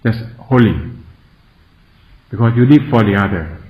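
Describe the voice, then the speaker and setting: A Buddhist monk from Thailand with a Thai accent, giving a Dhamma talk in simple broken English and often asking the listeners if they follow. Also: male voice, lowish voice, unhurried. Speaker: Buddhist monk teaching meditators. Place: meditation centre hall. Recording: echoey, dull lo-fi room recording.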